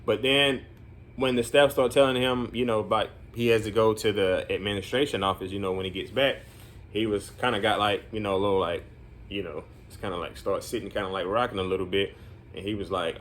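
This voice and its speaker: A man's voice: lowish voice, fairly even intonation, fairly quick, a bit bright, slight background noise. A man working as a group home counselor, telling a story in casual vlog talk, rambling with many fillers and earnest, encouraging asides.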